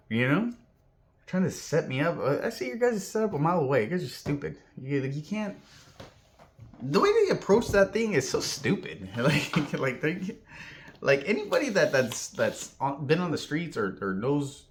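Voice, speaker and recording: A man's voice: mid-range voice, slight background noise. A man from Southern California telling a personal story in a rambling vlog, heavy on fillers and acting out the voices of the people in it. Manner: filler-heavy, animated, acts out quoted voices. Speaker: vlogger.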